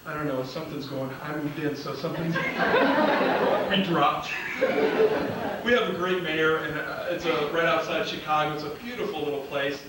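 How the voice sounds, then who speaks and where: A man's voice: on the high side, animated, normal speed. A man who is a motivational speaker, telling comic stories to a live audience, acting out the dialogue and laughing at his own jokes. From Illinois. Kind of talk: storytelling speech to a live audience. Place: large auditorium. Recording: roomy hall sound, distant mic, loud room noise.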